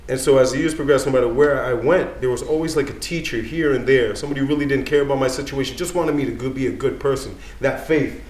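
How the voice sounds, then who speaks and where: A man's voice: medium pitch, fast, hardly any pauses, reverberant. Casual man telling a story. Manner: casual, streetwise, full of you know. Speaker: dean of students. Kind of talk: live personal storytelling.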